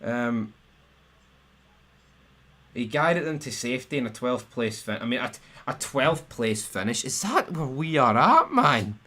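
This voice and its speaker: Scottish male streamer, young adult, angry swearing rant, mid-pitched, stumbling restarts. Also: sing-song, a little slow, pushed and bright. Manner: ranting, swearing, stumbling restarts, pitch swinging sharply up when riled. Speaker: football fan live-streamer.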